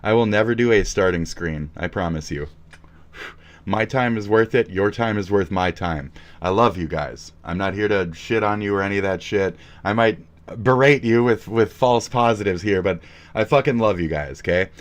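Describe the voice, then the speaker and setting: Young male streamer, very low voice, crude and taunting, reacts to chat live. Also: moderate pace. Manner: profane, mocking, loud taunting outbursts.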